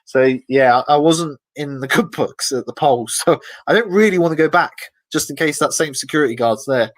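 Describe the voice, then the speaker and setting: A man, the guest in an interview, telling lively anecdotes in a casual way and acting out the voices of people he quotes. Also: on the high side, brisk, no room sound, low-quality recording. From Britain. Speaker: expedition guest.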